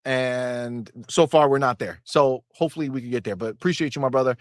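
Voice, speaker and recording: A man hosting a live gaming stream in a casual, animated and profane way, with mocking asides. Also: mid-range voice, brisk, no room sound, clean studio sound. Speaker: livestream host. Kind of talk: casual livestream talk.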